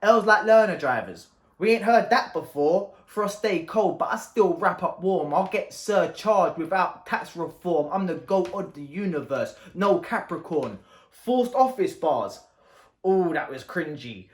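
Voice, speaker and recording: A man in his thirties with a Cockney accent, delivering rap battle bars with a high-pitched voice. His trash talk is punchy and mocking. The sound carries a roomy echo. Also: animated, unhurried. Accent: London Cockney. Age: 30s. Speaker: battle rapper. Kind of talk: a cappella rap battle verses.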